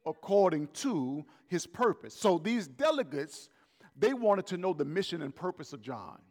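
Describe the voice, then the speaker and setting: A man preaching a sermon as pastor, emphatic and animated, repeating his points for effect. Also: a little high, vocal fry, in a large hall.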